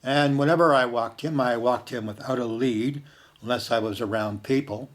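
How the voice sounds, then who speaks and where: An older man from Canada telling a personal story in a slow, reflective way, dropping to a hush for quoted words. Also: mid-range voice.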